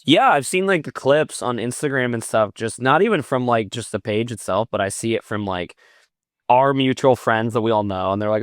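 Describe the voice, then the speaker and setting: A man's voice: medium pitch, expressive, fairly quick, dry recording, studio quality. A man, a podcast guest and metal vocalist, telling long stories in casual chat over a video call. He acts out quoted back-and-forths and swears often.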